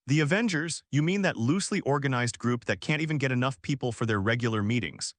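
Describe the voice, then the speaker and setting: A man's voice: mid-range voice, lively intonation, fast talker, no room sound, close to an everyday voice. Man voicing a cocky billionaire inventor, sarcastic, mocking, dry sound.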